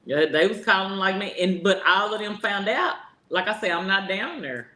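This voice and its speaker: A woman telling a story in casual chat, animated and slangy. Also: medium pitch, normal speed, roomy sound. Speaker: co-host.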